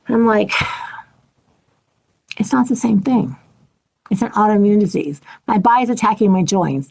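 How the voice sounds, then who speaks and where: A woman's voice: a little high, measured pace, long pauses, low-quality recording. Candid woman talking openly to viewers. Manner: candid, animated, acts out other people's lines. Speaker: channel host. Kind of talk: personal talk to camera.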